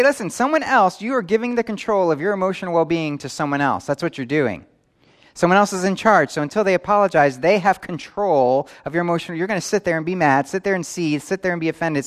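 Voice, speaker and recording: Man preaching with questions. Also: fairly high pitch. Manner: asks the audience questions. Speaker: pastor. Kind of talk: sermon. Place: church in New York.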